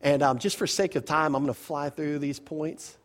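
A man preaching a verse-by-verse sermon as pastor, talking conversationally with rhetorical questions and quick self-corrections. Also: a little high. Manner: grows animated when telling a personal story.

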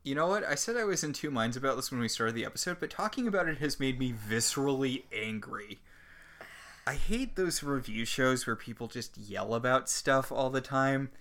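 A man's voice: medium pitch, expressive, moderate pace, fairly bright tone. A man co-hosting a casual TV recap podcast, ranting and sarcastic about the episode. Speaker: podcast co-host.

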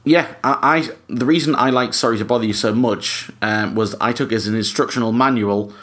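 A man's voice: mid-range voice, brisk, fairly bright tone. A man hosting a casual podcast chat, joking and rambling with many ums. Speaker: podcast host.

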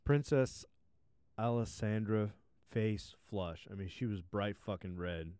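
A man's voice: fairly low pitch, slow, dark tone, smooth, no room sound. A man hosting a podcast, retelling a fairy tale with crude, profane asides. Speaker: podcast host, storyteller.

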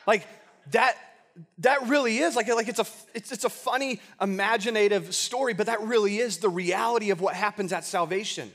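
A young man preaching a casual sermon to a youth group, often stumbling and repeating words, with relaxed slang. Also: sits high, moderate pace. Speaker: youth pastor.

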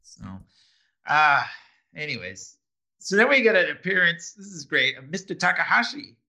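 A man's voice: a little high, expressive, normal speed, pushed and bright. A man co-hosting a casual chat, recapping a TV episode, laughing often and restarting his sentences. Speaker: podcast co-host.

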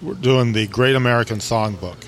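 Male co-host, relaxed teasing banter, faint cafe background. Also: mid-range voice, brisk, slight background noise. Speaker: radio show co-host. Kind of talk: casual on-air chat.

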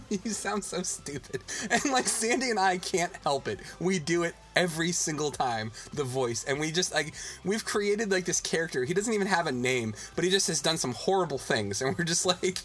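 A man co-hosting a casual chat show, animated and swearing freely, laughing often and mimicking regional accents. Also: fairly high pitch, moderate pace, faint music behind. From Virginia. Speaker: podcast co-host.

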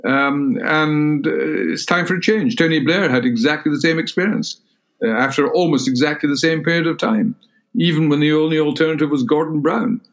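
Older Scottish man, measured and halting. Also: a little high. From Scotland. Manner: measured, halting, many "uh" fillers and restarts. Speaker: interviewee, former cabinet minister. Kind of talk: reflective recollection in a sit-down interview.

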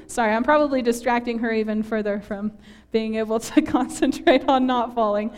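A woman from northern Minnesota delivers a Sunday sermon to her congregation in a church. Her voice sits a little high. She talks in a chatty, self-deprecating way and laughs often at herself. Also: steady tone, a little fast, clean tone. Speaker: preacher.

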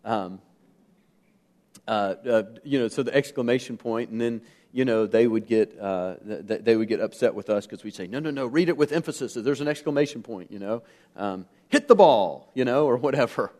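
An American pastor preaches a sermon earnestly and emphatically, putting questions to the congregation amid fillers and restarts. His voice is fairly low, a little mellow, and moves at a normal speed.

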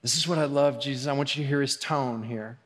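Speaking fast at a medium pitch, a male pastor delivers his sermon conversationally, swinging from quiet asides to emphatic raised moments. A long hall reverb surrounds the audio.

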